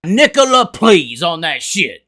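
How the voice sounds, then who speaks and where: Brief: a drunk, profane vlog host with a high, bright voice, heated and mocking. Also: male voice, very animated, measured pace.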